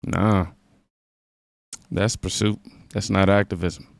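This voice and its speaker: A man's voice: low voice, little pitch movement, slow pace, creaky, dry recording, studio quality. A man hosting a reaction video, delivering sarcastic, mocking commentary on news clips.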